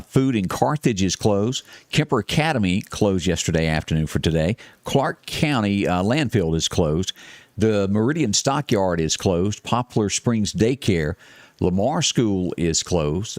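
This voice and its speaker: A very low-pitched man with a Mississippi Southern accent, hosting a casual morning show. He talks in a relaxed, halting way, full of fillers, and runs through long lists evenly. The sound is close and dry. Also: no room sound. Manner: reads long lists in a steady, even run. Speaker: morning show host giving weather and closings. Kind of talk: casual on-air chat and weather report.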